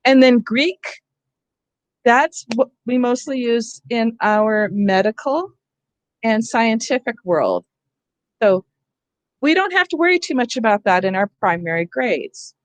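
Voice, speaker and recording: A woman's voice: a little high, lively intonation, a little slow, no room sound. A woman leading a teacher training session on reading, explaining in a conversational way and often checking in with her listeners. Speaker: literacy trainer.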